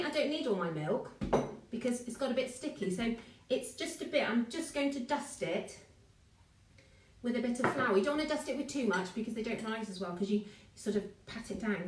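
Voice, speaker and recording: A woman's voice: on the high side, expressive, normal speed, recorded from a distance, slight background noise. A woman teaching children a live online baking class, chatting and encouraging, greeting viewers by name. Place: home kitchen. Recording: echoey kitchen, away from the mic.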